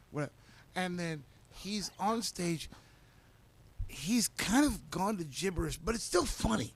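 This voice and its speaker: A man's voice: sits high, moderate pace. A man co-hosting a podcast, telling a rowdy drinking story in casual chat and acting out the lines he quotes. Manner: animated, laughing, acts out quotes loudly. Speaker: podcast co-host.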